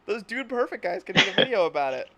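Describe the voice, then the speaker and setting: A man's voice: high voice, big pitch swings, fast, vocal fry, pushed and bright. A man hosting a casual chat, rambling through stories, laughing constantly and acting out silly imagined lines. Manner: giggly, rambling, laughs through his words. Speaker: host.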